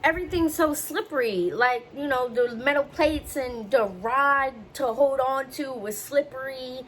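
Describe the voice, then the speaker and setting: A young woman vlogger casually telling a personal story, chatty and animated, acting out what others said. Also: high-pitched, measured pace, slight background noise, poor audio. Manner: chatty, animated, acts out quotes.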